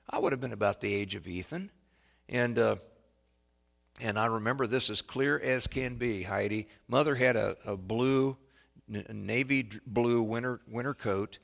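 A man preaching a sermon, telling a folksy childhood story that builds to loud, excited peaks. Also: medium pitch, gravelly. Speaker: pastor.

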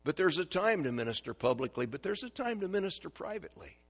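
Guy preaching in church, raspy gravelly voice, folksy, keeps asking the room stuff. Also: high-pitched, very animated, quick pace. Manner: folksy, asks the congregation questions. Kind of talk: sermon.

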